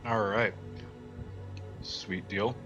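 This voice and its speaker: A man's voice: fairly low pitch, fairly even intonation, drawn-out words, dull audio, over music. A man running a tabletop roleplaying game as dungeon master, casual and dryly teasing, often laughing.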